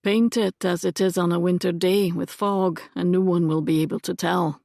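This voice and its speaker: A woman voicing a wry, smitten young gentleman who speaks in a dry, understated way. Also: lowish voice, steady tone, moderate pace, creaky, no room sound.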